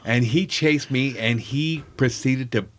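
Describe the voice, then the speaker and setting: A man's voice: medium pitch, measured pace, fairly bright tone. A comedian telling a profane, self-mocking story from his childhood in casual chat.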